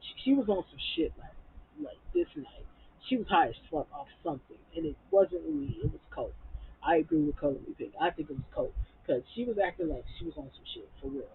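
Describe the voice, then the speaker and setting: A man's voice: a little high, big pitch swings, brisk, vocal fry, phone-quality sound, slight background noise. A man recapping and reviewing a reality TV episode, blunt, profane and heated as he rants about the cast.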